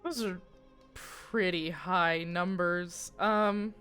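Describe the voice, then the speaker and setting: A woman's voice: on the low side, fairly even intonation, drawn-out words, fairly bright tone, clean tone, soft background music. A woman running a tabletop game, narrating at an easy pace and swearing casually out of character. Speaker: game master.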